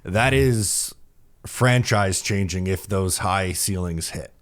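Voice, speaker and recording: New guy podcasting about hockey, lowish voice, rambles with lots of ums, upbeat. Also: takes it slowly. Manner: rambling, filler-heavy, upbeat. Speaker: podcast co-host. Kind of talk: casual hockey podcast chat.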